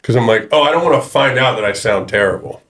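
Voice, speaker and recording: A young man co-hosting a casual podcast, self-mocking and quick to laugh. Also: mid-range voice, lively intonation, a bit bright. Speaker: podcast co-host. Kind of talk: casual chat.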